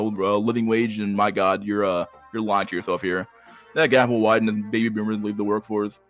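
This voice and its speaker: A man hosting a podcast, reading a news article aloud and breaking off into profane, slangy asides. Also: on the low side. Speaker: podcast host.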